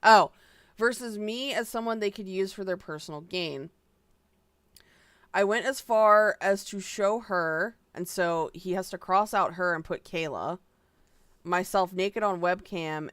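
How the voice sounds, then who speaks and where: A woman's voice: on the low side, measured pace, fairly bright tone, clear, resonant tone, no room sound. A woman streamer giving casual reaction commentary, exasperated and profane, sighing often.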